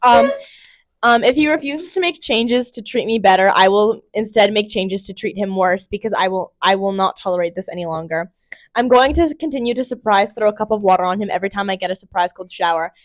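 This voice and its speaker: A woman's voice: medium pitch, brisk, no echo. A young woman co-hosting a podcast, chatting casually and reading a story aloud, often breaking into giggles. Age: young adult. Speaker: podcast co-host.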